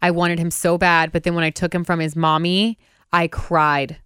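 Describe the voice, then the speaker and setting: A young woman co-host chatting and telling animated, upbeat stories. Her voice sits a little low and sounds smooth, recorded dry and close. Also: normal speed, no echo. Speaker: podcast co-host. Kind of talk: casual chat.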